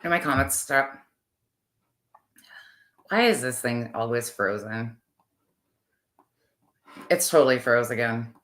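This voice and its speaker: Low-voiced chatty woman streamer. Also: expressive, slow pace, long pauses. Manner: chatty, rambling, warm with viewers. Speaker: livestream host. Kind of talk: casual livestream chat.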